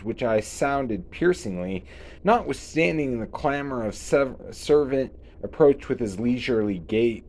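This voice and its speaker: A man's voice: medium pitch, dark tone. Male reader, memoir narration, earnest, mid-range voice, frequent restarts. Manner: earnest, stumbling over words and restarting. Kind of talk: reading a memoir aloud.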